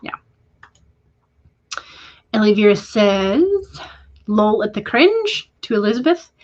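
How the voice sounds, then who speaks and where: A woman's voice: medium pitch, sing-song, slow, dull audio. A woman hosting a casual writing livestream, reading viewer comments aloud and answering them, with hesitant fillers along the way. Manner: reads viewer comments aloud and responds warmly. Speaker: livestream host reading chat.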